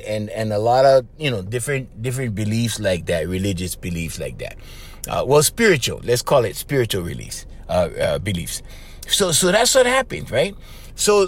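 A middle-aged man from Hawaii with a Hawaiian Pidgin-tinged accent, hosting a casual solo podcast, rambling and chuckling, tagging lines with "right?" and "okay?". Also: on the high side. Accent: Hawaiian Pidgin-tinged English. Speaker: podcast host.

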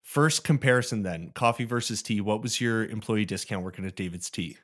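A man's voice: fairly low pitch, brisk, fairly bright tone. A young adult man co-hosting a podcast in casual chat, laid-back and jokey, laughing often. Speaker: podcast co-host.

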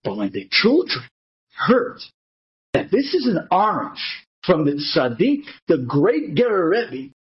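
A man's voice: sits high, wildly swooping pitch, takes it slowly. A man telling a story with lots of drama, acting out each character's lines with pleading and heated swings in his voice. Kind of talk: animated story narration. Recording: dull lo-fi recording.

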